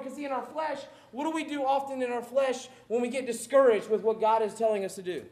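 A pastor preaches in a very high, light voice, animated and jokey, acting out Bible scenes as he goes. His voice carries an echo from the room around him. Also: a little fast, few pauses. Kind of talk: sermon.

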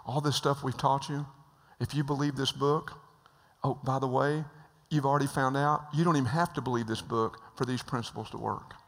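A man's voice: medium pitch, steady tone, moderate pace, gravelly, a bit bright. A man giving a sermon, telling jokes and acting out the voices of people in his stories. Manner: joke-telling, acts out voices, repeats phrases. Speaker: speaker at a church. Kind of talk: sermon with storytelling. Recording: hall reverb.

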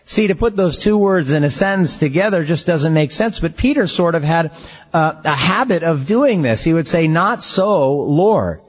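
A man's voice: fairly high pitch, moderate pace, husky. Guy preaching, chatty storytelling, kinda muffled lo-fi sound. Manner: conversational storytelling preacher, lively. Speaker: pastor. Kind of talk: sermon. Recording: slightly dull lo-fi sound.

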